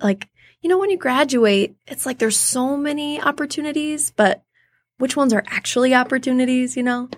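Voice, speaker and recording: A woman's voice: sits high, moderate pace, no echo. A woman in her thirties, a theater artist, telling stories as an interview guest and acting out the voices she quotes. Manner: animated, acts out quoted voices. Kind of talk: casual interview storytelling.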